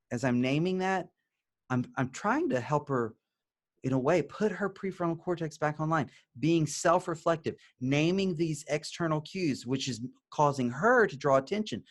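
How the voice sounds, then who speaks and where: This middle-aged man, a therapist teaching couples through a video lesson to camera, pitches his voice on the high side. He talks in a conversational way, answers the questions he raises himself, and gently performs soft sample phrases.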